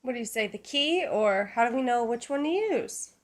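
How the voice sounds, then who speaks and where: A woman's voice: on the high side, expressive, moderate pace. A woman chatting playfully and giggling while live-streaming a game. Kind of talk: casual live-stream chat.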